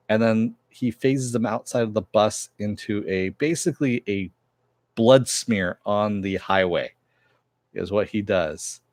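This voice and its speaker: A man's voice: on the low side, dry recording. A man casually recapping and reviewing a TV episode, rambling with many fillers as he retells the plot.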